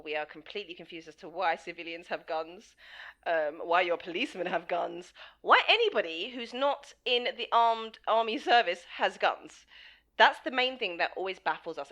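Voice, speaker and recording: A woman with an English accent, co-hosting a podcast in casual chat, blunt and animated, swearing freely. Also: on the low side, moderate pace. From England. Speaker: podcast co-host.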